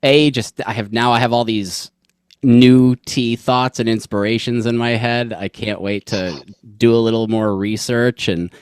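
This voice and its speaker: A man hosting a casual interview, enthusiastic and effusive, thanking his guest warmly. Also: mid-range voice, steady tone, measured pace, clear, resonant tone, dry recording, clean studio sound. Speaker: host.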